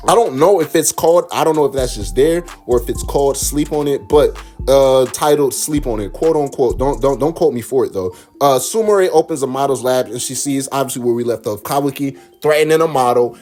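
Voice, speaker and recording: A man's voice: mid-range voice, fairly quick, a little mellow. A man giving casual, slangy reaction commentary on manga spoilers and talking straight to his chat. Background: faint background music.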